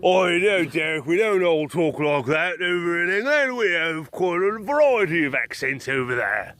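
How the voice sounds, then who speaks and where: A man's voice: on the high side, expressive, moderate pace, a bit bright. A man putting on a prim British male viewer who fussily corrects him. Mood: scolding. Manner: fussy, correcting.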